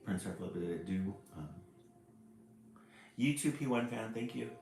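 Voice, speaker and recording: A man's voice: on the low side, expressive, measured pace, gravelly, darkish tone, a little hiss or hum. A man hosting a casual livestream, greeting viewers by name in a cheery voice that jumps up when he says hello. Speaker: livestream host. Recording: roomy echo with faint music behind.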